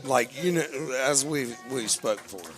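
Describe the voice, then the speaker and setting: A man giving casual, folksy, enthusiastic color commentary for a local high school football broadcast from a press booth. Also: lively intonation, a little slow, music in the background.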